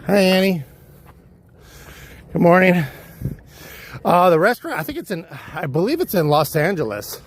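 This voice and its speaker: A man with a high-pitched, sing-song voice livestreams while hiking an outdoor hillside trail, talking at a normal speed with long pauses. Casually, he tells a rambling, profane story.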